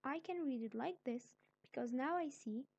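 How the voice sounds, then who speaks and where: A woman's voice: high-pitched, normal speed, gravelly, darkish tone, slightly rough, no echo, lo-fi sound. A woman teaching a grammar lesson, explaining patiently step by step. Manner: patient, explains step by step, then acts out example sentences.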